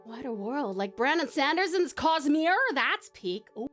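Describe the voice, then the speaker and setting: A woman's voice: sits high, lively intonation, a little slow, fairly bright tone. A bubbly Australian woman chatting with her stream audience and reading stories, laughing often. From Tasmania, Australia. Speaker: streamer and story narrator. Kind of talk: live-stream chat and story reading. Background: background music.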